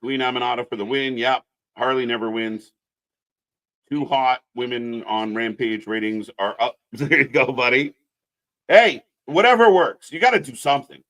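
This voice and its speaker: A man's voice: mid-range voice, normal speed, fairly bright tone. A man co-hosting a live wrestling commentary stream, talking casually and bluntly, swearing and ranting with strong opinions.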